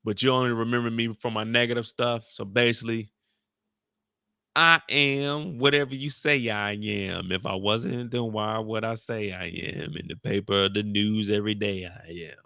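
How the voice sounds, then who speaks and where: A man recaps a TV episode in loose, slangy, joking commentary. His voice is bright and forward. It is recorded dry, with no room echo. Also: lowish voice, normal speed, creaky. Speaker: YouTube show recapper. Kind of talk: casual reaction commentary.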